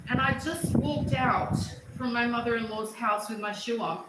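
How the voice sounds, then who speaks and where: A middle-aged woman from Australia, telling stories in a casual livestream chat, animated and prone to loud excited bursts. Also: sits high, normal speed. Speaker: livestream host. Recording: echoey room with loud noise.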